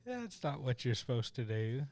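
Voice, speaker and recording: A man's voice: medium pitch, big pitch swings, normal speed, background noise. A man co-hosting a podcast in casual banter, teasing his co-host with crude jokes. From United States.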